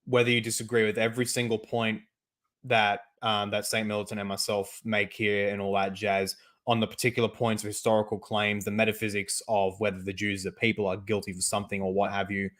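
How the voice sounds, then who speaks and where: A man's voice: on the low side, little pitch movement, a little fast, fairly bright tone. A man hosting an interview, wrapping it up for the audience in careful, formal wording. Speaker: host. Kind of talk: measured summary for the audience.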